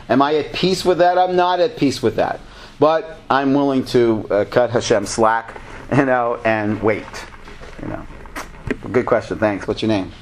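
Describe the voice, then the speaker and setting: Joking rabbi in his sixties. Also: mid-range voice. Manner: conversational and joking, sprinkles Hebrew terms. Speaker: rabbi teaching a class. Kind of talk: lecture with audience questions.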